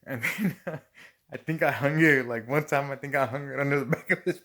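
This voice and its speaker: A man's voice: medium pitch, fairly quick. A middle-aged man casually telling work stories, swearing constantly and often breaking into laughter. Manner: profane, laughing often, animated retelling. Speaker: storyteller. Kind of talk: casual storytelling.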